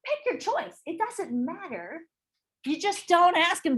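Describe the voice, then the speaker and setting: A middle-aged woman teaching a live real estate sales class, animated and often checking in with her listeners. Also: high voice, fairly quick. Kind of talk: live training talk to a class.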